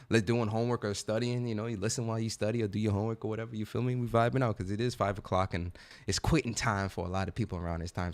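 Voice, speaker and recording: A young man hosting a casual gaming livestream, chatting in laid-back slang, greeting viewers by name and laughing often. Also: fairly low pitch.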